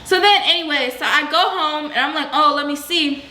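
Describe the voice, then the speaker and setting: Bright-voiced young woman telling a storytime. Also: high voice, brisk, reverberant, slight background noise. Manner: animated, slangy, exclamatory storytelling. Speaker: vlogger. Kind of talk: storytime vlog.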